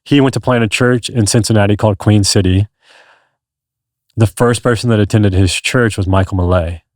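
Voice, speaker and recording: A man's voice: on the low side, moderate pace, darkish tone, no echo, studio quality. A man in his thirties, a podcast guest, telling his story in an earnest, rambling conversational way. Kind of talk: casual conversation.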